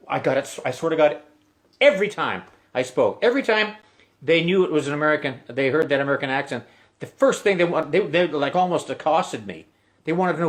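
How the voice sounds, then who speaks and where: Middle-aged male stream host, voice a bit high, loose rambling delivery with restarts. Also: animated. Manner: rambling, halting, with many restarts. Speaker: musician hosting a live stream. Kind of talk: casual storytelling between songs. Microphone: webcam stream mic.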